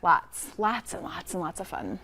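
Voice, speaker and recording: A woman's voice: fairly low pitch, sing-song, a little slow, pushed and bright. Chatty woman TV co-host from Michigan. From Upper Peninsula of Michigan. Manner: chatty, laughs often. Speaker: TV show co-host. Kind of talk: casual studio chat. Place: TV studio.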